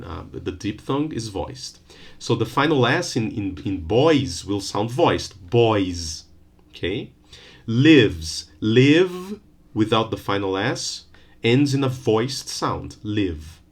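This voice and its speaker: A man's voice: fairly low pitch, very animated, husky. A man giving a recorded university lecture on phonetics, explaining patiently and often checking in with "okay?". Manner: slows down to stress rules and example words.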